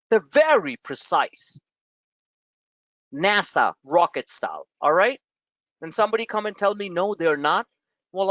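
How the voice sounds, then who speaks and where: A fairly high-pitched man coaches a group of traders by video call, giving live market commentary. He's blunt and brash, getting animated and rising sharply in pitch when he stresses something. There's no room sound, and the highs are cut off.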